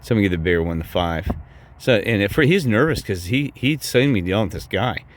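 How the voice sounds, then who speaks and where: Speaking fast in a lowish, animated voice, a male vlogger recounts a personal story to his viewers in a rambling, heated way. He curses often and keeps repeating "I said," his voice rising when he quotes himself.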